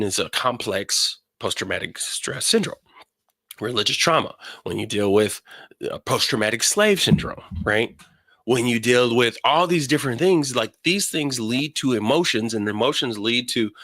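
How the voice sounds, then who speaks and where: A middle-aged man hosting a casual spiritual talk, telling stories with animated acted-out quarrels in a high voice. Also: dry recording, clean studio sound. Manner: animated storytelling, acts out family quarrels in a high voice. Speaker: host.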